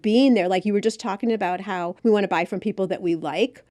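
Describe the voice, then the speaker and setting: Woman, podcast host, casual, talks to listeners, mellow tone, dry sound. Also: mid-range voice, quick pace, no room sound. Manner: speaks directly to her listeners. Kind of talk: casual interview talk.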